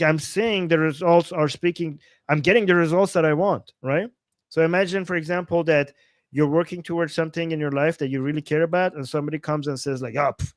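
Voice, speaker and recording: Guy on a livestream chatting with viewers, non-native english, bit higher voice, dry close sound. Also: no echo. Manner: earnest, self-restarting, non-native English phrasing. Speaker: livestream host. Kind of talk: casual livestream chat, reading viewer comments.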